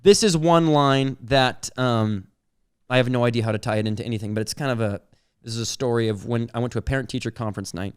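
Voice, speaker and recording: A man's voice: medium pitch, quick pace, smooth. A young man co-hosting a podcast, telling childhood stories in casual chat, rambling with lots of "like" fillers and laughing as he talks. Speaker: podcast co-host.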